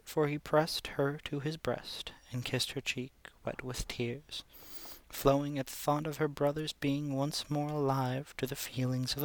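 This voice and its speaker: Male narrator for a classic tale; steady, measured read, small slips kept in, dry close sound. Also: mid-range voice, dry recording. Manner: measured reading with occasional slips and restarts. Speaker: audiobook reader. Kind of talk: reading classic fiction aloud.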